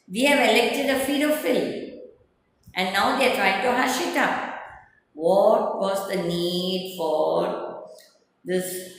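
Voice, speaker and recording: A woman's voice: medium pitch, fairly bright tone, slight background noise. A woman advocate giving indignant political commentary, her emphasis rising and falling. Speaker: advocate and party spokesperson. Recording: echoey hall with faint ambience.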